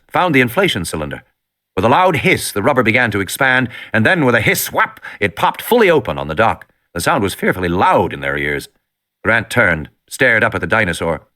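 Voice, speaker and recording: A man's voice: on the low side, bright, forceful tone. A man reading an audiobook with dramatic, tension-building storytelling. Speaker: audiobook narrator. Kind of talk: scripted narration.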